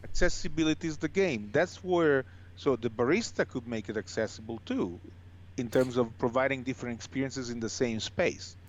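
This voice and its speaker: A man's voice: medium pitch, normal speed, highs cut off. Italian man talking business, faint hiss. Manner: thoughtful, restarts words often. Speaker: podcast guest, coffee machine company CEO. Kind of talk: casual conversation.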